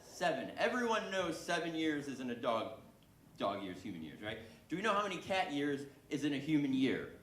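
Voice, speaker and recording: A man's voice: a little high, very animated, brisk, a bit bright. A man doing a stand-up comedy set on a club stage, self-deprecating and chatting with the crowd. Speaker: stand-up comic. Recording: echoey club room with faint background ambience.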